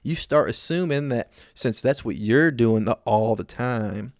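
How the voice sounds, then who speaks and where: A man's voice: medium pitch, lively intonation, measured pace, no echo. A male comedian talks alone into the mic in a loose, rambling monologue full of swearing and self-mockery. He keeps circling back to his own point and correcting himself as he goes. The recording is dry and close. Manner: rambling, profane, self-mocking. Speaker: podcast host and comedian.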